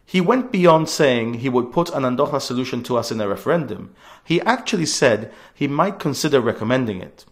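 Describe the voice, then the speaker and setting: A man's voice: medium pitch, expressive, a little fast. A man of about forty, giving a scripted political radio address in an earnest, emphatic way, leaning hard on key words. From Gibraltar.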